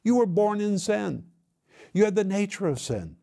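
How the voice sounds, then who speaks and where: An older man teaching a sermon, earnest and emphatic, sometimes dropping to a hush. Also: high-pitched, sing-song, normal speed, gravelly. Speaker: pastor teaching the Bible.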